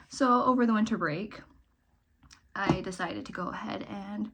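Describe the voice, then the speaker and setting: A woman's voice: medium pitch, fairly even intonation, moderate pace, a little hiss or hum. Rambling young woman vlogger, half-whispered asides. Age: young adult. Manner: rambling, self-mocking, drifts between loud and whispered asides. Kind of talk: casual get-ready-with-me chat.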